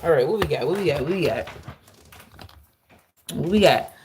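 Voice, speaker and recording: A woman giving a live tarot reading to her viewers, excitable and laughing loudly as she calls out to them. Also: deep voice, moderate pace, noisy background. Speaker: tarot reader.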